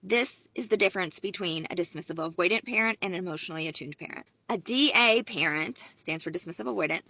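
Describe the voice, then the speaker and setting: Brief: a woman psychologist, bright and emphatic, recorded dry and close. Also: lowish voice, quick pace, hardly any pauses, no echo, low-quality recording. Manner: confident, explanatory, emphatic. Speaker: relationship psychologist. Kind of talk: advice video talk to camera.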